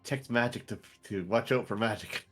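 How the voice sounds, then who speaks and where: A man's voice: mid-range voice, moderate pace, a bit bright, soft background music. A man playing in a tabletop game, chatting casually in a playful, offhand way. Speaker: player.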